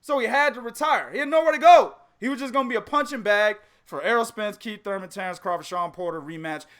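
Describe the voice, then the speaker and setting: High bright-voiced guy hosting a podcast, cussing and cackling a lot. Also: quick pace. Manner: animated, laughing, profane trash talk. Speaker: podcast host. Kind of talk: casual boxing chat.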